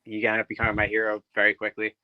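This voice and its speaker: A man's voice: fairly low pitch, monotone, rapid-fire, clear, resonant tone, no room sound, lo-fi sound. A young man, a guest on a podcast, talking about himself in an easygoing way and laughing often. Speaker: podcast guest, pro wrestler. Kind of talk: casual interview chat.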